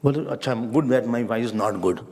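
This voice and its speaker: A man's voice: mid-range voice, quick pace, vocal fry, a little mellow. A man giving a playful, humorous talk on scripture as a swami, acting out little dialogues. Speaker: swami, spiritual teacher.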